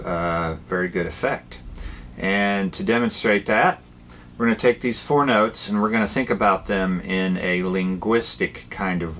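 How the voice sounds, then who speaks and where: A man giving a guitar lesson, explaining ideas in a plain, unhurried way with fillers between phrases. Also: low voice, fairly bright tone, a little hiss or hum. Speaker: guitar teacher. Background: guitar playing between phrases.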